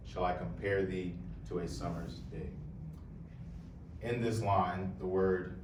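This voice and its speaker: Deep-voiced young man talking to a live crowd. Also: steady tone, measured pace, noisy background. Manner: casual, joking, addresses the crowd. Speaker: poet and presenter. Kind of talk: live talk to an audience. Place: room with a live audience. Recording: echoey room, voice heard from far off.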